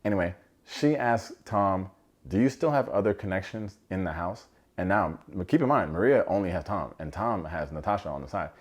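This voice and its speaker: Male show reviewer, slightly low voice, casual, wisecracking recap delivery. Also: lively intonation, normal speed. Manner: sarcastic, joking asides.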